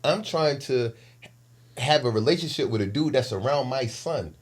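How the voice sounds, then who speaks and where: A man in his forties, a podcast co-host, telling a personal story in casual chat with emotional, animated delivery. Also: medium pitch, normal speed, slightly rough. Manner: animated, emotional retelling with lively shifts in loudness.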